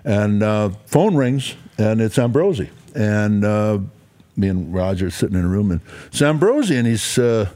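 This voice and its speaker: A man, a former pro football player chatting on a talk show and telling stories in a rambling, halting way full of fillers. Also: medium pitch, animated, dark tone. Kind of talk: casual storytelling chat.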